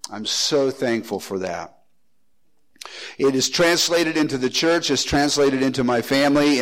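A man's voice: medium pitch, low-quality recording. An older man preaching a folksy sermon as pastor, breaking into joking asides.

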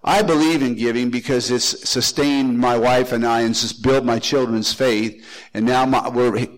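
A man's voice: mid-range voice, steady tone, moderate pace, low-quality recording. An older man preaching a folksy sermon as pastor, breaking into joking asides.

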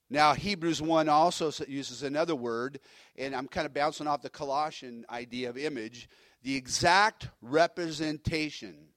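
A man who is a pastor, preaching a sermon in an emphatic, animated way with frequent restarts. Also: medium pitch, no echo.

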